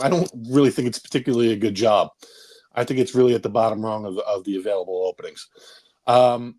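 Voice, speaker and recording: A man calls into a live show and talks casually, rambling and hesitating between his points. His voice sits at an ordinary middle pitch. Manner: rambling, hesitant, lots of uhs. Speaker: caller. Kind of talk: casual call-in chat.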